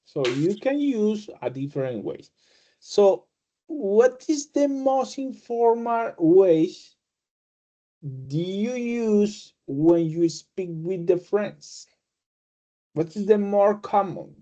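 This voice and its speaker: A male English teacher whose first language is Spanish explains greetings slowly, in a mellow voice. He restarts his phrases and fills the pauses with hesitations. The sound is dull and lo-fi. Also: high voice, expressive. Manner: halting, frequent restarts and fillers, playful laughter when acting out greetings. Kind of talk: casual online class explanation.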